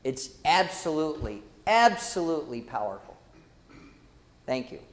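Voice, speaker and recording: High-voiced lively man leading a Bible class. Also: a little slow, big-room sound. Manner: lively, dramatic, calls out to the class. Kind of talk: church Bible class teaching. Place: church hall.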